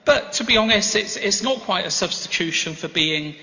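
A man preaches a sermon in a large church, with a bright, fairly high voice that rings out into a long hall reverb. He tells his stories gently, with self-deprecating humor, and the recording sounds a little dull and muffled. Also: expressive, normal speed. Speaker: guest preacher.

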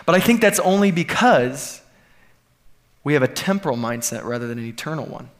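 Male pastor, slightly high voice, earnest sermon delivery with emphatic builds. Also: expressive, fairly quick. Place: church sanctuary.

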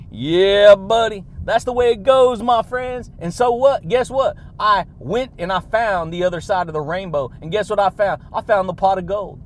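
A man hosting a motivational podcast, hyped and energetic, laughing between phrases and calling his listeners buddy and baby. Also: sits high, moderate pace, slight background noise. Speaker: podcast host. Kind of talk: motivational monologue.

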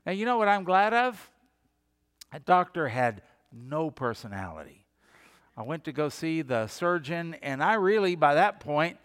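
A man's voice: a little high, a bit bright, clean tone, big-room sound. A middle-aged man preaching a sermon as a pastor, emphatic, asking his congregation questions and answering them himself.

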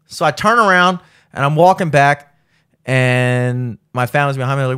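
A man speaking at normal speed in a clean tone tells a lengthy story in casual conversation. Animated and profane, he curses frequently and mimics other people's quotes in a high voice.

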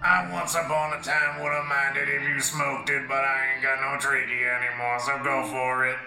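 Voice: medium pitch, level tone, moderate pace, vocal fry, sharp tone. A performer voicing a frail, crude old churchgoer with no trachea who talks bluntly and grumbles, in a roomy studio with music.

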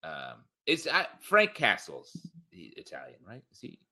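A man co-hosting a casual live-streamed talk show, joking and animated. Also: sits low, husky. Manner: joking, animated, quick asides. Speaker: podcast co-host.

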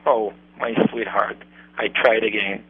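Man, unhurried storytelling, halting English, muffled radio sound. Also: on the low side, steady tone, creaky, breathy edge. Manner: earnest, halting non-native English. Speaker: radio show host.

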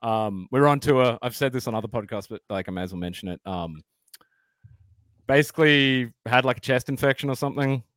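A man's voice: medium pitch, a little fast, a bit bright, no room sound, studio quality. A man with an Australian accent, a podcast guest rambling through casual explanations with plenty of fillers. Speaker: podcast guest, former band vocalist.

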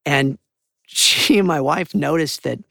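A man, a voice actor, talking in an animated, rambling, enthusiastic way as a podcast interview guest. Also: on the high side, takes it slowly, vocal fry, no room sound, clean studio sound.

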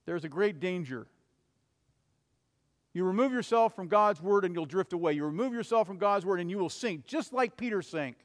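Male pastor, earnest sermon delivery with urgent swells, slightly higher voice, long hall reverb. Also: lively intonation, normal speed. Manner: earnest preaching, rising to urgent cries and dropping to soft, low passages.

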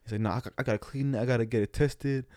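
A young man rattles off a story at high speed in a dark, mellow voice, close and dry with no room sound. His telling rambles through slang, restarts and voices of the people in it. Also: fairly even intonation, racing, dry recording. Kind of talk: casual chat.

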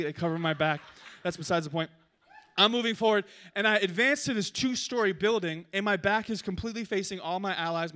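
High-voiced animated male preacher. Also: smooth. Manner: animated storytelling with jokes. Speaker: pastor. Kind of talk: sermon.

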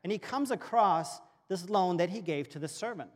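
German-born pastor, earnest sermon delivery, higher voice, reverberant hall sound. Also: male voice, animated, moderate pace. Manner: storytelling with acted-out dialogue, earnest. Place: church auditorium. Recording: long reverb of a church hall.

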